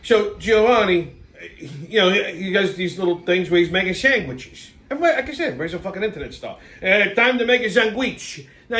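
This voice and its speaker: The channel's host, a Brooklyn man with a New York accent, speaks in a high-pitched, fairly bright voice. He rambles bluntly through a casual monologue packed with profanity and fillers.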